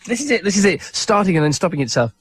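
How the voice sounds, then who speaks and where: A British man bantering on air in a high, wildly swooping voice, giggling and teasing his co-hosts. His talk is loose and playful. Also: sing-song, fast. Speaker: radio presenter. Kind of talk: casual studio banter.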